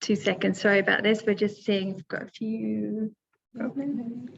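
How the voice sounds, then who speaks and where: A woman's voice: medium pitch, steady tone, normal speed, creaky, highs cut off, slight background noise. A woman teaching English pronunciation in a webinar, patient and step by step, with many fillers. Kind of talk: webinar lesson.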